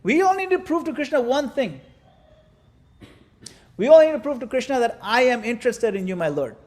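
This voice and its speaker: High-voiced man teaching a devotional class. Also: a little fast. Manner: animated, demonstrative, playful asides. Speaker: spiritual teacher.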